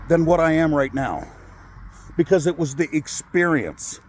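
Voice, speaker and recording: A man's voice: on the high side, lively intonation, normal speed, a little mellow, a little hiss or hum. A man in his forties telling a personal story in a vlog, angry and upset, swearing and rambling with many fillers. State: upset, shaky with anger. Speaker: vlogger. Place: in a car.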